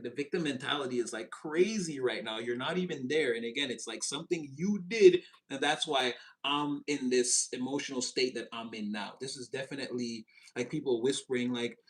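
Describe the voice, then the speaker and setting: A man giving a casual, animated tarot reading, chatty and expressive and quick to laugh. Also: medium pitch. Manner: animated, chatty, swings into voices, laughs often. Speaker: tarot reader.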